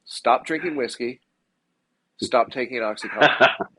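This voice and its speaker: A man's voice: medium pitch, unhurried, sharp tone, breathy edge, rough recording. A man co-hosting a podcast, cutting in with wry, teasing remarks. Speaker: podcast co-host. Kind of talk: casual chat.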